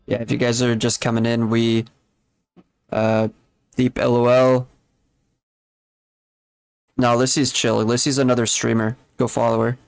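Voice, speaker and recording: A man's voice: mid-range voice, completely flat delivery, unhurried, vocal fry, pauses often, clear, resonant tone, dry recording. A man streaming a game, chatting casually and rambling along to his viewers. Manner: rambling, chatty, talks to chat. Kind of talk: casual live-stream chat.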